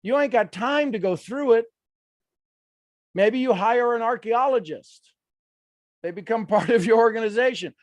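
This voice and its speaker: A man coaching a live workshop, animated, acting out quoted voices and laughing often. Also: very high voice, moderate pace, no echo.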